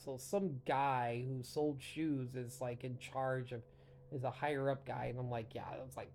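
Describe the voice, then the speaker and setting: A man's voice: medium pitch, steady tone, moderate pace, darkish tone, slight background noise. A young man casually recapping a TV episode, rambling with lots of fillers. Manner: rambling, filler-heavy retelling. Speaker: show reviewer.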